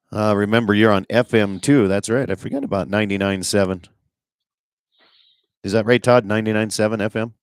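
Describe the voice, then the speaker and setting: A man hosting an outdoors radio show, chatting in a relaxed, folksy way and handling the on-air setup himself. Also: lowish voice, brisk, clear, resonant tone, dry recording. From Dakotas, United States. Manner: relaxed, folksy, runs the show's tech on air. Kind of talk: casual outdoors radio chat.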